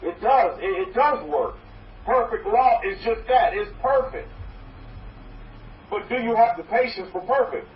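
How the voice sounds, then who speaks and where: The high-pitched rabbi preaches expressively and without hurry, his voice distant and bouncing off the walls of an echoey space. Through muffled, dull audio with faint background noise, he exhorts the congregation in a rambling sermon full of restarted sentences.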